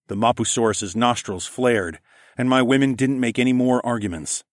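A man's voice: mid-range voice, moderate pace, no room sound, studio quality. A man narrating a first-person story in a gritty, profane storytelling manner. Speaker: audiobook narrator.

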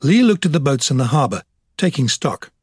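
A man narrating an audiobook in a measured, even storytelling manner. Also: mid-range voice, husky, no room sound, studio quality. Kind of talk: scripted narration.

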